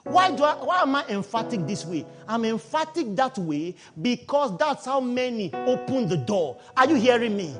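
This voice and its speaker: A man preaching a sermon with an emphatic, animated delivery, swinging from quiet explanation to loud outbursts. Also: extremely high pitch, brisk, soft background music.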